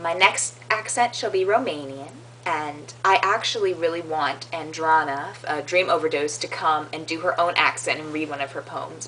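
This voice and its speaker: An American woman with a Mid-Atlantic accent, chatting casually to camera. She is giggly and self-deprecating, with a bright, crisp tone and a slightly low voice. A faint hiss sits under the recording. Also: rough recording. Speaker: vlogger.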